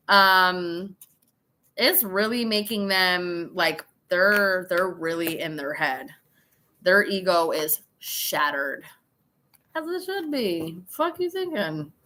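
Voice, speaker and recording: Bright-voiced tipsy woman reading tarot. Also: medium pitch. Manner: chatty, swearing, laughing, dramatic asides. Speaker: tarot reader. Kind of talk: casual live tarot reading.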